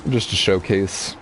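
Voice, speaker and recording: A young man giving casual, chatty commentary while streaming a racing game. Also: on the low side. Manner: relaxed, chatty, explaining racing strategy.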